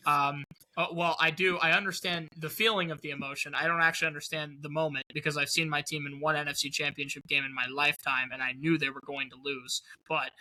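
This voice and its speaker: Man, podcast co-host, chatty, stumbles over the start of thoughts, very bright tone, fairly high voice. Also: flat delivery, fast talker, hardly any pauses, low-quality recording. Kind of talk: casual sports podcast chat.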